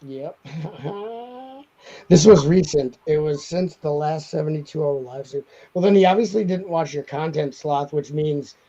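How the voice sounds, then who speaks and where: Man, live-stream host, casual banter, laughs often, higher pitch, lo-fi audio. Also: a little slow, dark tone. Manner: jokey, laughs a lot, slips into mock accents.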